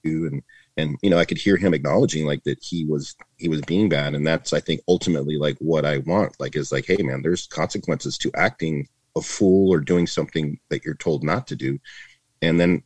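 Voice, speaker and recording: A man's voice: very deep voice, brisk, darkish tone, slightly rough, no echo. A middle-aged man, a retired border patrol agent, talking in a casual interview in an earnest, rambling way with many restarts.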